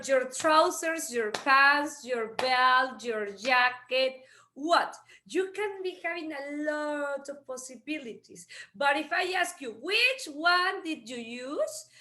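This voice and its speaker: High bright-voiced woman teaching English. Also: measured pace. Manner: lively, repeats key words, asks rhetorical checks. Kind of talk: online English lesson explained partly in Spanish. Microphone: video call.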